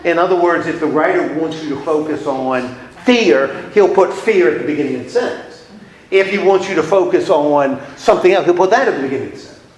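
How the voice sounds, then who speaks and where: A man's voice: on the high side, brisk, a little hiss or hum. A man leading a Bible study class in a chatty, playful way, acting out little scenes for his listeners. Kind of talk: casual Bible class lecture. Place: room with a class. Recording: echoey room.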